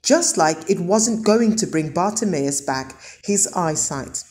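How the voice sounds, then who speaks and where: A woman's voice: fairly low pitch, animated, slow pace, a little mellow. A woman giving a children's church lesson, asking the kids questions and answering them. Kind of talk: children's sermon.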